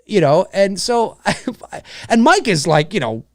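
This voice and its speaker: A man's voice: sits high, big pitch swings, a little slow, no echo, studio quality. A man hosting a live stream, ranting casually with lots of swearing and mocking voices. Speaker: host of a live stream show.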